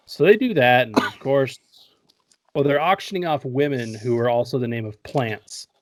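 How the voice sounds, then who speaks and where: A man talks through a movie's plot in a loose, joking podcast recap, swearing freely and breaking into laughter. His voice sits at an ordinary middle pitch. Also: expressive, slow, long pauses, dry recording. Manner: joking, profane, laughs often. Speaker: podcast host.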